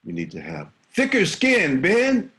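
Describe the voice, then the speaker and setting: A man's voice: a little high, measured pace, pitched above the performer's own voice, heavily acted. A man voicing a formidable, stern older woman principal who speaks firmly and dismissively. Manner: firm, dismissive, calm.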